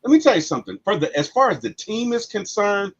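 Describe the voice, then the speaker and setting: A husky-voiced man talks about movies with lots of feeling. His pitch swings widely as he gets caught up in the story. The recording sounds muffled and lo-fi. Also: fast. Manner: animated, emotional storytelling. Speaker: podcast co-host. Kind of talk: casual movie discussion.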